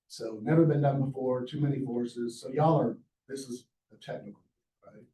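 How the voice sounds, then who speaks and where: Middle-aged man, folksy storyteller at a lecture, dark mellow voice, heard from a distance. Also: medium pitch, steady tone, normal speed. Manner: folksy storyteller, acts out the quoted lines. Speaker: entrepreneur giving a masterclass talk. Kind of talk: storytelling lecture to a live audience. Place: lecture hall. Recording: echoey hall, mic at a distance.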